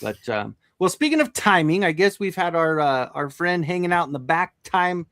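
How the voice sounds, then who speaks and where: An enthusiastic man with a somewhat high voice, hosting a casual livestream. His voice is recorded dry and close, and he speaks with easy, upbeat energy. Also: big pitch swings, normal speed, fairly bright tone, no echo. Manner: enthusiastic, says dude a lot. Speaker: host.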